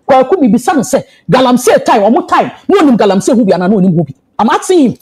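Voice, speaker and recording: Ghanaian woman panelist, high and very animated, forceful debater. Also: racing, breathy edge, rough recording. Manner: impassioned, argumentative, emphatic. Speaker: party executive on a political panel. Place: TV studio.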